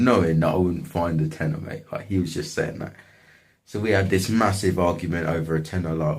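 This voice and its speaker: A man's voice: deep voice, steady tone, fairly quick. A young man casually telling a story from his life, slangy and swearing often. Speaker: vlogger.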